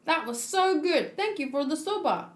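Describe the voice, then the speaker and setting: A woman's voice: high voice, expressive, moderate pace, roomy sound, voice pushed up. A woman voicing a cheerful, giggling little girl during a manga read-along. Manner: bubbly, giggling, exaggerated.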